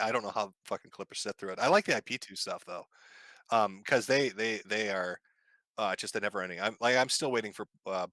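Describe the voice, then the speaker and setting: Man, bright forceful voice, crude and laughing, dry close audio. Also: fairly low pitch, dry recording. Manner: crude, laughing, quick questions. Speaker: podcast host. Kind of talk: casual podcast conversation.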